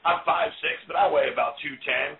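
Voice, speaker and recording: Man from Florida, crude joking talk show host, gravelly, phone-like sound. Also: on the high side, a little fast. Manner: joking, profane, blunt. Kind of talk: casual chat. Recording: tinny phone-like line.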